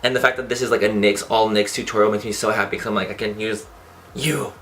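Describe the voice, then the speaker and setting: Young man, campy beauty vlogger, bright voice, faint room noise. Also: on the low side, steady tone, quick pace. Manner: chatty, campy, swears playfully. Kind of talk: casual makeup tutorial.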